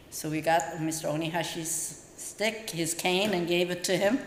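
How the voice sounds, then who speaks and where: In a temple hall, an older woman tells a story as part of a dharma talk built on personal experiences, acting out the voices of the people she quotes. Her voice is lowish with fairly even intonation, and she speaks at a moderate pace with few pauses. The hall gives a roomy echo and faint ambience.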